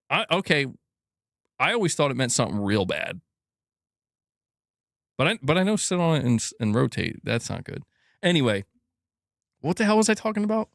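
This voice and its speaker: Animated, profane young man ranting. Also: mid-range voice, no echo, clean studio sound. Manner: animated, profane, laughs often, talks back to viewers. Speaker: gaming news commentator. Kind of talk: casual ranting commentary.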